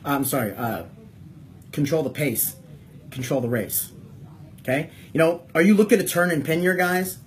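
A man's voice: on the high side, moderate pace, pauses often, a little hiss or hum. A man coaching wrestlers on a call, emphatic, repeating key points and firing yes-or-no questions.

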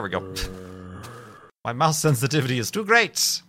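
A man's voice: medium pitch, big pitch swings, moderate pace, bright, forceful tone, slight background noise. A man streaming a game and chatting casually, rambling from one thing to the next with self-mocking jokes. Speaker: gaming streamer. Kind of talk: casual chat while playing a game.

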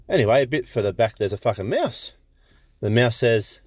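A man calling in to tell a long crude joke in a steady, deliberate way. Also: mid-range voice. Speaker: caller. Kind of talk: telling a joke.

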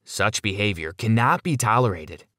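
A strict, curt father lays down the rules in a firm tone, as a man reading a story puts him on. The voice is low. The sound is dry and close. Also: lively intonation, normal speed, pushed and bright, no echo.

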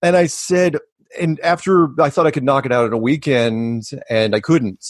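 A man being interviewed as a guest, talking casually in a rambling, animated way with many restarts and asides. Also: medium pitch, normal speed, no room sound, studio quality. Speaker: podcast guest.

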